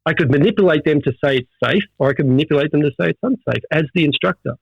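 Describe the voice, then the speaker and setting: A middle-aged Australian man, a veteran firefighter, talking in an animated storytelling way with many restarts in a casual interview. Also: on the high side, very fast, creaky, husky, dry recording. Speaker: firefighter guest. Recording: dull dry audio.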